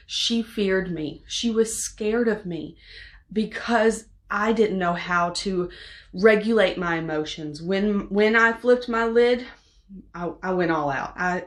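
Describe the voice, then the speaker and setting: A middle-aged woman coaching parents in an encouraging talk, lively and animated, acting out little outbursts in quotes. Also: medium pitch.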